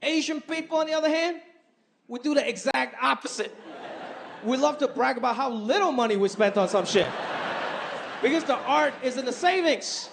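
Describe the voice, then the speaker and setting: Guy doing standup, high voice, keeps slipping into his mom's voice, noisy club crowd. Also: normal speed, creaky. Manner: animated, acts out his mom's voice. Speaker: stand-up comedian. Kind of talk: stand-up comedy routine. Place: comedy stage before a live audience. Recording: live club with crowd and noise.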